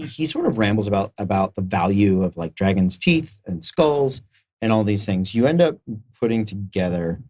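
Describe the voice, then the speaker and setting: A man's voice: on the low side, darkish tone. A man narrating as game master of a live-streamed tabletop game, rambling loosely with many fillers.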